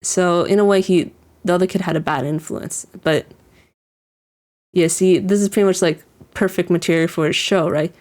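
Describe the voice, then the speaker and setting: A woman with a lowish, steady, somewhat dark voice reacts casually to an anime episode at a moderate pace. She rambles, restarting sentences and saying "like" a lot, and chuckles as she describes scenes.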